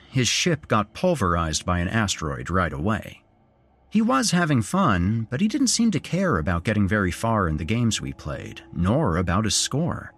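Husky, lively male storyteller. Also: lowish voice. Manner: expressive first-person storytelling. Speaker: podcast host and narrator. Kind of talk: scripted horror story narration.

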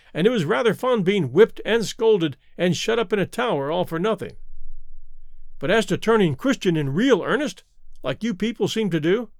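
Guy reading a bratty young king, haughty and quick to anger, voice jumps around a lot, dry close sound. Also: high voice, creaky, no echo, full character voice. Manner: haughty, hot-tempered. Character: petulant young pagan boy king.

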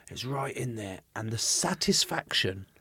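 An English man in his thirties hosting a podcast, telling a story in lively, sweary, casual chat. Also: medium pitch, moderate pace, husky. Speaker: podcast host.

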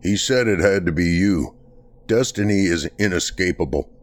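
A grim man who has given himself over to fate, as the narrator puts him on. His voice sits very deep and hushed, each line weighed down with apology. He is a figure in a spoken horror story. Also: moderate pace, lightly acted. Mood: pleading.

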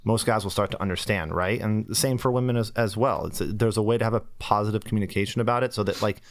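A man's voice: lowish voice, steady tone, quick pace, dry recording, clean studio sound. A man guest on a podcast, talking casually in a rambling way with lots of fillers. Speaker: guest, sex toy company executive.

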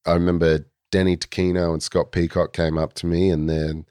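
A man's voice: low voice, little pitch movement, a little fast, dark tone, clear, resonant tone, dry recording, clean studio sound. An Australian man in his forties, a guest telling stories in a laid-back, rambling way with plenty of fillers. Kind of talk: casual storytelling.

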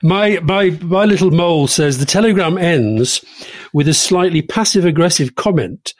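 A man's voice: a little high, animated, normal speed, dry recording. A man co-hosting a political podcast, chatting in a wry way and often repeating his words. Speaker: podcast co-host. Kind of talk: casual political discussion.

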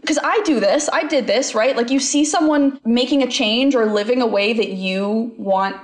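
A woman's voice: on the high side, normal speed, reverberant. A woman from Canada, a podcast guest chatting casually, giggly and full of "like".

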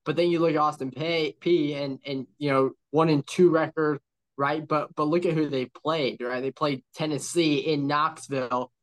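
A man co-hosting a college football podcast, talking in a measured, analytical way with lots of "you know" and "right?". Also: fairly high pitch, steady tone. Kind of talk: casual sports analysis chat.

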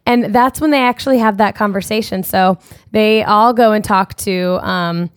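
A woman's voice: mid-range voice, normal speed, clear, resonant tone, dry recording. Chatty woman podcast co-host, dry mic. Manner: chatty, lots of fillers and quoted asides. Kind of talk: casual recap chat.

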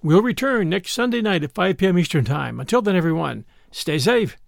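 A man narrating a classic novel with an expressive, dramatic delivery, then speaking as the podcast host. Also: high voice, fairly quick, vocal fry, no room sound, studio quality.

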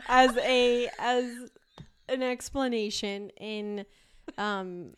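A woman's voice: fairly high pitch, extremely slow, smooth, no room sound, clean studio sound. A young woman from Argentina co-hosting a podcast, chatting casually, laughing often and swearing freely as she tells stories. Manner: giggly, storytelling, swears casually. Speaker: podcast co-host. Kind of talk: casual chat.

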